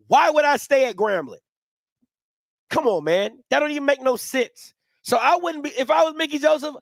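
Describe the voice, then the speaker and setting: A young man hosting a show, delivering blunt, opinionated sports commentary in an animated rant. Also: very high voice, vocal fry, no echo, clean studio sound.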